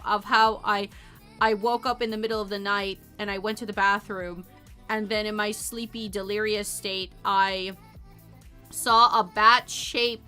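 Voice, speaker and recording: Young woman streamer, high bright voice, rambling animated chat, faint music behind. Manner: animated, rambling storytelling with frequent laughs. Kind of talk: casual livestream chat.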